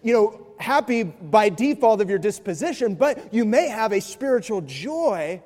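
A man with a high voice preaches in a church, his words trailing off into a long hall reverb. He is animated, jumping to loud mimicry, then dropping to hushed, earnest passages. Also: normal speed. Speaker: pastor. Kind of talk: sermon.

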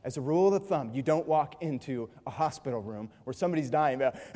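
A male pastor preaching a sermon, animated and swinging between loud mimicry and hushed earnest passages. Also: mid-range voice, fast talker, hardly any pauses. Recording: long reverb of a large hall.

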